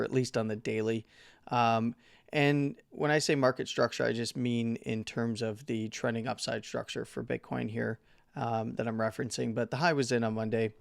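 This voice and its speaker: Host, male, hoarse from a long day, casual meandering chart analysis, crisp but gravelly. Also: mid-range voice, no room sound, clean studio sound. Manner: rambling, self-correcting, filler-heavy. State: losing his voice. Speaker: crypto market analyst host.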